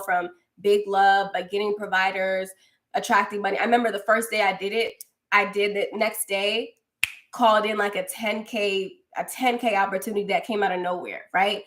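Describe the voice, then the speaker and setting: A woman's voice: mid-range voice, a bit bright. A young woman hosting a casual livestream, chatting effusively with viewers and calling them girl. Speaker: livestream host and spiritual coach. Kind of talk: casual livestream chat reading comments.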